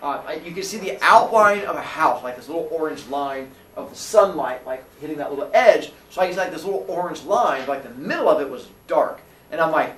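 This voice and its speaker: A lively man telling a comic story about his own childhood. His pitch swings wide as he acts out the voices of those in it. He sits a little back from the mic in an echoey room with faint ambience. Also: brisk, hardly any pauses, recorded from a distance. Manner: animated, acts out voices with squeals and laughs.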